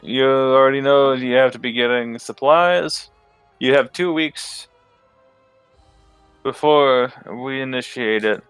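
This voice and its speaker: A man narrating as game master, halting and thinking aloud as he explains a plan. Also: medium pitch, fairly bright tone, clear, resonant tone, no echo, soft background music.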